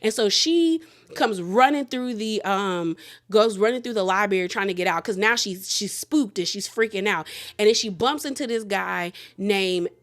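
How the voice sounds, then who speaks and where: A woman casually recapping a horror film for her channel, chatty, full of fillers and quick asides. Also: mid-range voice. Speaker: reviewer.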